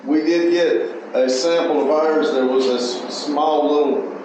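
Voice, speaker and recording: A man hosting a casual chat about a small garage channel, talking in a rambling way with halting restarts. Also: on the high side, steady tone, darkish tone, a little hiss or hum. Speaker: channel host. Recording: very echoey, dull lo-fi room.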